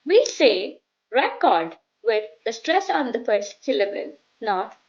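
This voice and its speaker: Woman teacher going over english sounds, slow and bouncy, kinda dull lo-fi audio. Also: a little high, big pitch swings, a little mellow. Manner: clear, instructive, models words for repetition. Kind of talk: scripted pronunciation lesson.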